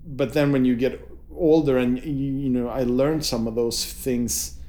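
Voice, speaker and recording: A man's voice: medium pitch, steady tone, unhurried, warm tone. Male interviewer, reflective, feels his way through ideas. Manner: thoughtful, searches for words. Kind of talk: casual conversation.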